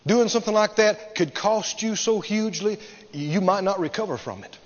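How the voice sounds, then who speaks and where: High-pitched emphatic male preacher. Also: moderate pace. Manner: emphatic, repetitive, swings from loud to soft. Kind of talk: sermon. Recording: dull sound, long hall reverb.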